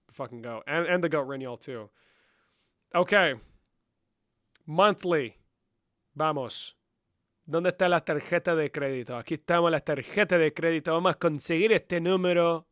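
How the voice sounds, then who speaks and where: A man's voice: a little high, normal speed, pauses often, a bit bright, dry recording, clean studio sound. A young man chatting on a live stream, bantering with viewers in a profane, joking way and slipping between English and Spanish. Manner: profane, bantering, answers chat questions aloud. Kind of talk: casual live-stream chat.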